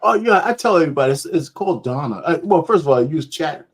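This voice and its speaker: A man's voice: fairly high pitch, expressive, fast, husky. A man talking casually as a panelist on a call, rambling and laughing easily.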